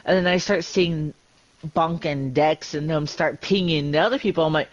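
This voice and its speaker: A woman streamer excitedly retelling a game match, swearing often and imitating her friends. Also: sits low, moderate pace, highs cut off. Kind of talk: excited gaming story retelling.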